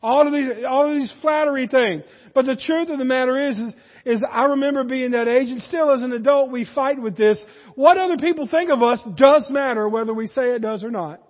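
A man preaching a sermon, animated, rising in force and then dropping low for emphasis. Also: brisk, long reverb tail, highs cut off. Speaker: pastor.

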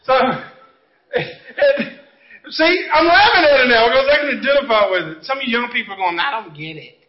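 A man's voice: extremely high pitch, fairly quick, muffled recording. A middle-aged man preaching a sermon, telling folksy stories and jokes and talking to the congregation. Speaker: pastor. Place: church sanctuary.

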